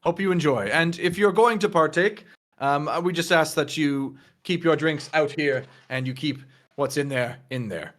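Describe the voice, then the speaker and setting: A man's voice: fairly high pitch, normal speed, a bit bright, close to an everyday voice. A man voicing a fussy, overly polite male doorman in a tabletop game. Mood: prim. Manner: prim, exaggerated courtesy.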